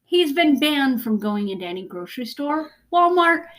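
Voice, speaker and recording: A woman's voice: high-pitched, sing-song, normal speed, fairly bright tone, slight background noise. A young woman co-hosting a podcast, telling blunt stories in casual chat and laughing often. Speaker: podcast co-host.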